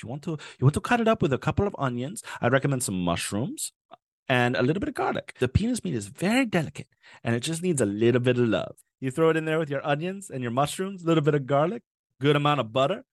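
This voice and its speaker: A man's voice: a little high, fairly bright tone, no echo, studio quality, voice pushed up. A man putting on a hammy, upbeat male cooking-show chef with showy presenter patter.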